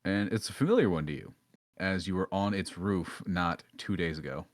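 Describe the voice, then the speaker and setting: A man running a tabletop game as dungeon master, describing scenes in a relaxed way with many fillers. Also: low voice, moderate pace, dry recording, clean studio sound.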